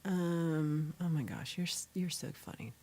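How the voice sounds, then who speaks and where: A woman's voice: sits low, a little slow, warm tone. A woman hosting a casual livestream chat, rambling with fillers as she reads out and answers viewers' comments. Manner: rambling with fillers and self-corrections. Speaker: livestream host.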